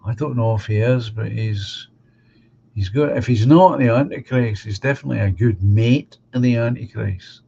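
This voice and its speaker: A middle-aged livestream host from Glasgow reads viewer comments aloud, giving blunt, opinionated takes in casual chat. He speaks at normal speed with a warm, medium-pitched voice and vocal fry, over lo-fi audio with slight background noise.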